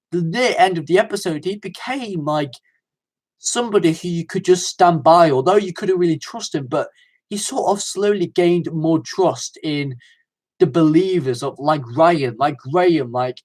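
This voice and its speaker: Enthusiastic rambling male reviewer. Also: on the high side. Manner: enthusiastic, rambling with many fillers and restarts. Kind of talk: casual livestream review.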